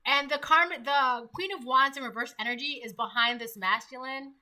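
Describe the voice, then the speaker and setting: A woman with a high, sharp voice and moderate pace gives a relaxed tarot reading. She's chatty, acts out the voices she quotes and laughs at her own jokes.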